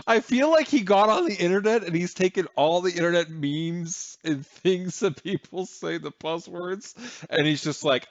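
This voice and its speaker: A man's voice: sits high, normal speed, few pauses, no room sound. A man hosting a casual reaction video, talking in blunt, exasperated asides recorded on a dull, lo-fi home mic.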